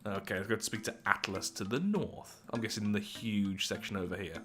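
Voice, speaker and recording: A man's voice: on the low side, brisk, a bit bright, soft background music. A man giving joking, self-mocking commentary on a game he is playing. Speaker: gaming video creator.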